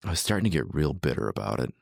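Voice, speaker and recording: A man as a guest in a conversation, thoughtful and soft-spoken as he reflects. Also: a bass voice, big pitch swings, very fast, creaky, slightly rough, dry recording, clean studio sound.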